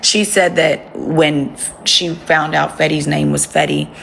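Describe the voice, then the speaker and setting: Lady on a phone livestream, low and gravelly, cussing and chatting to viewers, faint noise behind. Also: flat delivery, unhurried, fairly bright tone. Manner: blunt, profane, talks to her dogs between remarks. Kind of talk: casual live chat with viewers.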